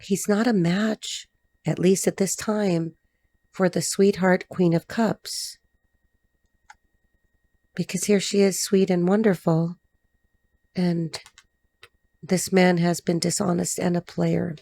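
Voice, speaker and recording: Woman tarot reader, slightly low voice, blunt and excitable, casual to-camera delivery. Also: slow pace, gravelly, pauses often. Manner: blunt, excitable, swearing, talks to the cards. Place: dim room indoors.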